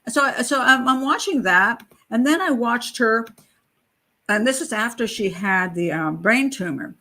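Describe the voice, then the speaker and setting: A middle-aged woman hosting a show, telling a personal story in a casual, animated way and acting out the voices of the people in it. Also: fairly high pitch, a little slow. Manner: animated, acts out quoted voices, frequent restarts. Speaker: host, criminal profiler.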